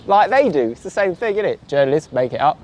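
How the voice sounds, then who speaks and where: A man's voice: fairly high pitch, big pitch swings, fast talker, a little mellow. A man in a casual podcast chat, joking playfully and spinning absurd tangents. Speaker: podcast co-host.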